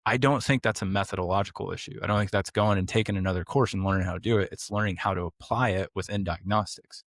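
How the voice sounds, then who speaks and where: A podcast host who owns a clinic talks bluntly through a casual clinical discussion in a low, fairly even voice, speaking fast. He keeps posing rhetorical questions and answering them himself. The sound is dry and close-miked, with no room sound.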